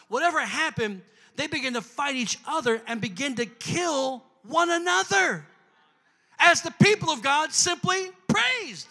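Preaching from the church sanctuary, a male pastor uses a very high voice that sounds pushed and bright. He builds the sermon to fervent call-and-response with the congregation, and long hall reverb carries it.

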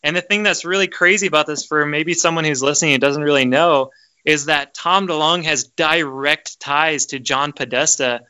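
Bright, crisp-voiced excitable male host. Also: a little high, moderate pace, lo-fi sound. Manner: excitable, emphatic, repeats words. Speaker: podcast host. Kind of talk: casual conspiracy chat, reading aloud.

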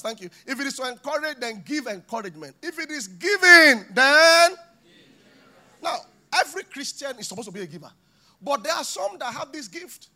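A man preaching a sermon in a church, animated and acting out little scenes with voices. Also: very high-pitched. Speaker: pastor.

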